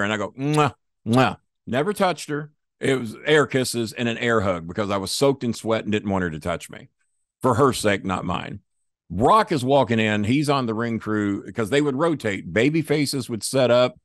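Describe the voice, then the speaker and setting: A guest storyteller in a casual interview spins a long, profane tale, animatedly acting out the voices of the people involved. His medium-pitched voice is recorded with studio quality and no echo.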